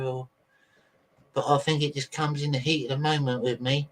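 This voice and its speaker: A man's voice: a little high, steady tone, fairly quick. A man hosting a casual livestream, rambling chattily to his viewers and swearing freely while he sorts out videos on his computer. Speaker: livestream host.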